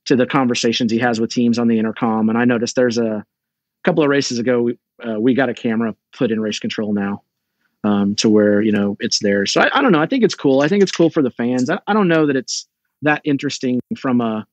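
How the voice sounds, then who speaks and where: A man's voice: medium pitch, fast, no echo, dull audio. A middle-aged man, a race director and podcast guest, chatting casually as a storyteller who restarts his sentences often. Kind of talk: casual chat.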